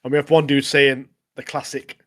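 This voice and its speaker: A man co-hosting a podcast, recapping episodes in casual, animated chat. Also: medium pitch, moderate pace. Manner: animated recapping, frequent "mate". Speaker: podcast co-host.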